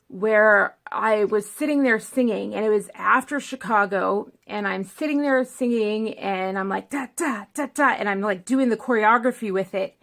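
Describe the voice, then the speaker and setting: A woman's voice: mid-range voice, creaky, a bit bright. A woman talking casually to the camera as a film vlogger, rambling and digressive, with lots of fillers.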